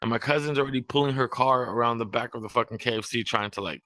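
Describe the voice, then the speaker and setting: Bright-voiced young man telling a rambling story. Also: medium pitch, quick pace, dry recording. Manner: rambling, profane, animated quoting of others. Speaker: podcast host. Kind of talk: casual storytelling chat.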